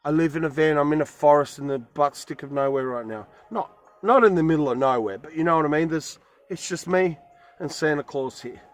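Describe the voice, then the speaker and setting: Emphatic rambling man with a high voice. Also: a little fast, soft background music. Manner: rambling, repeats himself, emphatic retelling. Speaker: vlogger. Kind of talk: casual storytelling to camera. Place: van in a forest.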